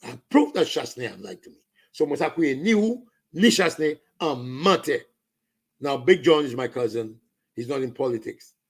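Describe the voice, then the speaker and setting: Gravelly Saint Lucian man ranting. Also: mid-range voice, very animated, normal speed. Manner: ranting, switching into Creole and French. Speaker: political commentator. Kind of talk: impassioned political rant.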